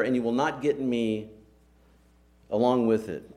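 A man's voice: medium pitch, normal speed, long pauses, a little mellow. Male preacher, mid-range voice, earnest and emphatic, fond of rhetorical questions. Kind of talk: sermon.

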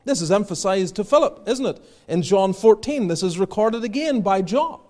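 This preacher has a high, dark-toned voice and speaks animatedly at normal speed. Earnest throughout, he builds toward forceful exhortation and quotes the King James Bible.

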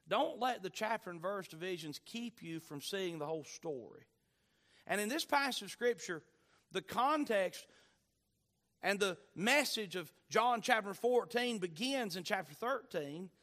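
A man preaching a sermon, reading scripture aloud and swinging between loud, animated bursts and hushed asides. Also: sits high, measured pace.

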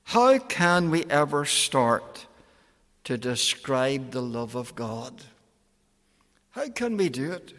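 A man's voice: medium pitch, sing-song, fairly bright tone. Male preacher, emphatic and pleading, long echo of a big hall. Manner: slow, emphatic pleading with soaring and falling phrases. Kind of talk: evangelistic sermon.

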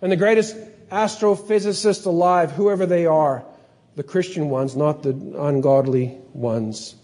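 A man preaching a sermon, telling stories with lively energy and sometimes acting out excited scientists in a higher voice. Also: moderate pace. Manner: animated storytelling, acts out excited scientists in a higher voice. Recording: long hall reverb.

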